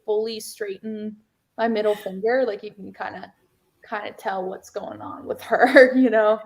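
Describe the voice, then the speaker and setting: A young woman guest on a video call, telling a story in a lively, giggly way full of fillers. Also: mid-range voice, measured pace. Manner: animated, giggly, lots of "like". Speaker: interview guest, singer. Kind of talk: casual interview storytelling.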